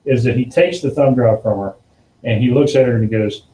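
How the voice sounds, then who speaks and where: A man hosting a podcast, casually telling an animated story and now and then putting on a higher voice for the people in it. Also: brisk, roomy sound, low-quality recording. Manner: animated storyteller, acts out quotes in a higher voice, laughs often. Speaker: podcast host.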